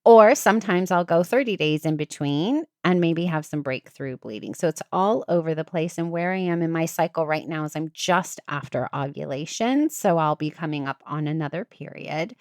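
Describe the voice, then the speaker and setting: Animated, lively woman telling a story. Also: normal speed, hardly any pauses, no room sound, clean studio sound. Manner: animated, acts out quotes with big pitch jumps. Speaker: podcast host. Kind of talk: casual storytelling chat.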